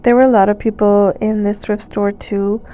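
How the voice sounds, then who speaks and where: A woman with a stuffy nose doing a chatty, relaxed voice-over for a thrift shopping vlog. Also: mid-range voice, moderate pace, soft background music. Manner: chatty, relaxed, with fillers and small laughs. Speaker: thrift vlogger. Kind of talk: casual voice-over narration. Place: recorded voice-over.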